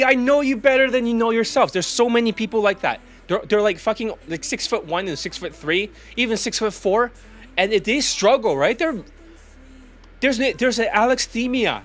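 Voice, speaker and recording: A man's voice: high-pitched, fairly bright tone. A man, a dating coach, ranting bluntly and profanely in a vlog monologue.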